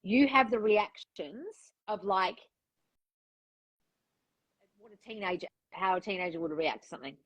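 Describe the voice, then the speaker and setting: A woman's voice: mid-range voice, lively intonation, measured pace, pauses often, dry recording, rough recording. A woman coaching a client one-on-one, frank and direct, giving instructions and acting out the thoughts she wants the client to have. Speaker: relationship and manifestation coach.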